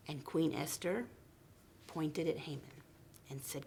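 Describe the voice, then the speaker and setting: A woman preschool teacher telling a story to young children, slow and expressive, often dropping into soft whispers. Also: low-pitched, a little hiss or hum.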